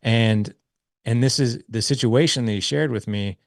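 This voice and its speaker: A man's voice: medium pitch, moderate pace, creaky, no room sound, studio quality. A middle-aged man speaking as a podcast guest, telling a story about fatherhood earnestly, often tagging "right?" on to his points. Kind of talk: conversational interview storytelling.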